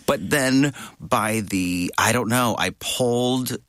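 A male Broadway actor as an interview guest, telling stories in an animated, halting way with restarts and laughs. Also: medium pitch, dry recording, clean studio sound. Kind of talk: conversational interview storytelling.

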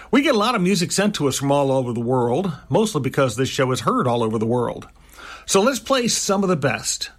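A man hosting a blues radio show, introducing songs in a smooth, upbeat announcer style. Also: a little high. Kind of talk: radio DJ presentation.

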